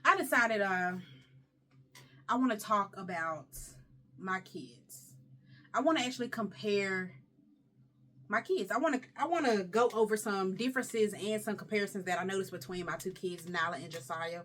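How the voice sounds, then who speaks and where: A woman's voice: medium pitch, normal speed, fairly bright tone. A young woman vlogger chatting casually, talkative and emotional, rambling as she talks. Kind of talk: casual chat.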